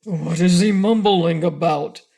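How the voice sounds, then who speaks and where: A woman doing a polite, loud talking frog. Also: on the low side, slow pace, vocal fry, breathy edge, exaggerated voice. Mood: puzzled. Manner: formal, courteous requests.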